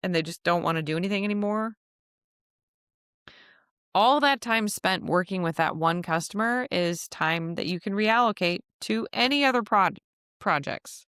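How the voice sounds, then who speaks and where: A woman's voice: on the low side, a bit bright, clean tone, no echo, studio quality. A woman hosting a casual solo podcast, chatty and laughing often as she acts out little quotes. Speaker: podcast host.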